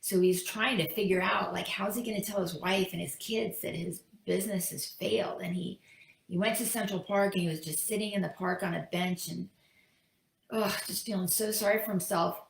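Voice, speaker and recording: A woman speaker tells a story in a casual, chatty way. Her voice has a gravelly, creaky texture. The recording sounds echoey and roomy. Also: mid-range voice, fairly even intonation, normal speed. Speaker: speaker, teacher. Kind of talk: storytelling talk.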